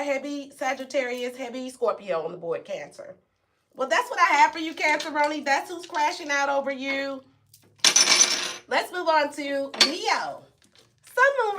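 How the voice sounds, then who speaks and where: A woman's voice: high-pitched, a bit bright, slight background noise. A woman giving a casual tarot reading to camera, playful and brash, swearing and acting out reactions. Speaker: tarot reader.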